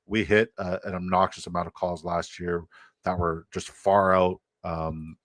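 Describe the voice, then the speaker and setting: A man's voice: sits low, little pitch movement, unhurried, a bit bright, no echo. A young adult man hosting a casual livestream with brash, profane, hype-man energy. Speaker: host.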